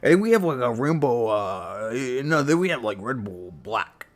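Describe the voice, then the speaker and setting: A man streamer ranting casually and heatedly with lots of swearing, jumping into high silly voices to mimic people. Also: very animated, moderate pace. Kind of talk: casual rant on a live stream.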